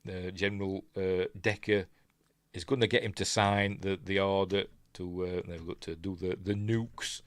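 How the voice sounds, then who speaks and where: Yorkshire guy chatting through a movie review, lowish voice, rambly, mumbles asides. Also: flat delivery, moderate pace, no echo. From England. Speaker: film reviewer. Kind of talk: casual film commentary.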